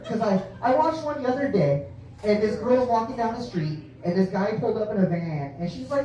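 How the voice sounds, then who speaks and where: Here a stand-up comedian works a comedy club stage with a rambling, foul-mouthed set, frequently cracking up at his own material. He speaks briskly, his voice sitting high with lively intonation and a dark tone, heard from a distance in an echoey club.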